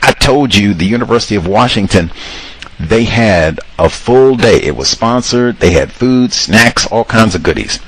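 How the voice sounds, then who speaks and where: Low-voiced guy talking straight to his listeners, calls them cousins, keeps acting out people he quotes, casual animated commentary. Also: moderate pace, husky, poor audio. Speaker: host.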